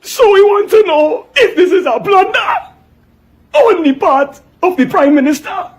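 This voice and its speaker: Squealing, mocking politician voice, lilt, loud and wildly swooping. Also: male voice, very animated, a little slow, heavily acted. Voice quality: shrill, strained falsetto. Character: man mimicking a politician in a shrill strained falsetto.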